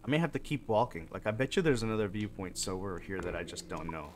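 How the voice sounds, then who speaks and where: A man hosting a casual gaming playthrough, chatting as he plays and breaking into sudden high yelps. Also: quick pace, background noise. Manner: chatty, animated, bursts into high yelps and shouts. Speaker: gaming channel host. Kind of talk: casual let's-play commentary.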